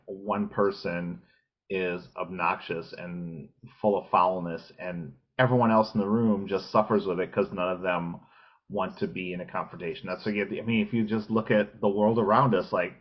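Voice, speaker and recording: A podcast co-host in casual chat, blunt and outspoken. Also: male voice, low-pitched. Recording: dull lo-fi sound.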